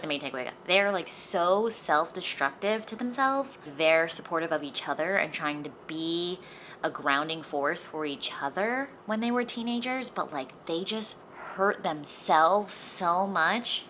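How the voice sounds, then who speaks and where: A woman's voice: fairly low pitch, sharp tone. A young woman giving a casual book review, chatty and leaning heavily on "like", with faint street noise from an open window behind her. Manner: chatty, heavy use of "like". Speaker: book vlogger. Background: faint street traffic noise.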